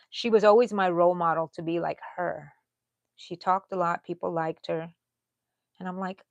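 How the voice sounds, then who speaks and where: A woman's voice: steady tone, normal speed, gravelly, no echo. Chatty Texan woman in her sixties. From Texas. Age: 60s. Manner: chatty, drops to low mutters and whispers while counting stitches. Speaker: crochet live-stream host. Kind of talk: casual chat while crocheting live.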